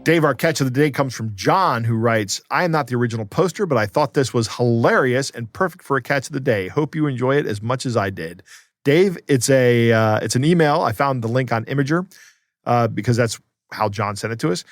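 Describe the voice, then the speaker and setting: A male podcast co-host with a middle-pitched voice chats casually and drops wry, dry jokes. The recording is dry and close. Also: lively intonation, a little fast, dry recording.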